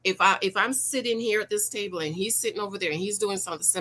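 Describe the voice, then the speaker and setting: A woman in her forties giving casual reaction commentary to her viewers, animated and preachy, firing rhetorical questions at them. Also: medium pitch, a little fast. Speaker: YouTube commentator.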